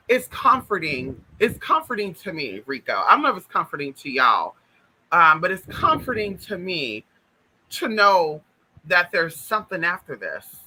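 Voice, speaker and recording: Bright high-voiced chatty man. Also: moderate pace, breathy edge, poor audio. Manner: animated, chatty, addresses listeners directly. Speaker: spiritual vlogger. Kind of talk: casual spiritual storytelling.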